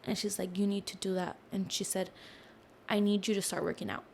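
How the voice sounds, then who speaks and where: A woman's voice: a little fast, creaky, slight background noise. Chatty young woman telling a story. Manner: animated, quotes others in lowered voice, many fillers. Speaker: podcast guest. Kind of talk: casual interview storytelling.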